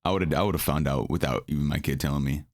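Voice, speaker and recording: A young man co-hosting a podcast in casual chat, answering with short reactions and quick quips. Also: a bass voice. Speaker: podcast co-host.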